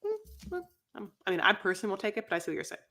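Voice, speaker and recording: A woman co-hosting a casual podcast, relaxed, retelling scenes and acting out the quotes. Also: medium pitch, racing. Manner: relaxed storyteller, acts out quotes, fillers like "you know". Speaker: podcast co-host. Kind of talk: casual chat.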